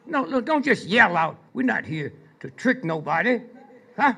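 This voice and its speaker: An older man telling stories to a live audience, prodding listeners with repeated "Hmm?" and "Huh?" between pointed pauses. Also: sits high, sing-song, fairly bright tone. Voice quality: gravelly, husky. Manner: slow, drawn-out delivery with pointed pauses. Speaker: speaker addressing an audience. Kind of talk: storytelling lecture to a live audience.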